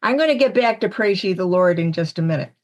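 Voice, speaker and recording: Woman storyteller from upstate New York, lively with the quoted voices. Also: lowish voice, fast. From Syracuse, New York area. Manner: animated storyteller acting out quoted lines. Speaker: medium, panel guest. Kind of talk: storytelling on a panel podcast.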